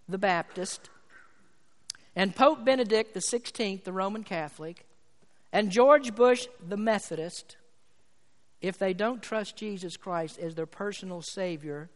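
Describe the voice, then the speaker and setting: A man preaching a sermon as pastor, emphatic and building to fervent peaks. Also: high-pitched. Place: church sanctuary. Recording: long hall reverb from church sanctuary.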